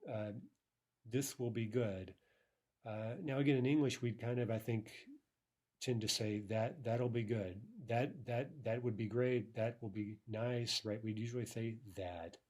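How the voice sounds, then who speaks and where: A man's voice: mid-range voice, steady tone, measured pace, a little mellow. A man teaching a language lesson, explaining patiently and often checking in with the listener. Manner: explanatory, repeatedly checks understanding with "right?"; frequent fillers and restarts.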